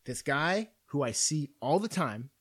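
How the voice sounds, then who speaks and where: Profane ranting man, animated pitch. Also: unhurried, husky. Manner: profane, animated storytelling rant. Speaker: podcast host. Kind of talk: casual ranting chat.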